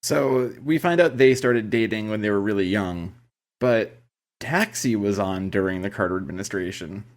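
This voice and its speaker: A man's voice: fairly low pitch, moderate pace. A man in his thirties co-hosting a podcast, wryly picking apart the jokes of a sitcom episode in casual chat. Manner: analytical, wry, picks apart jokes. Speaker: podcast co-host.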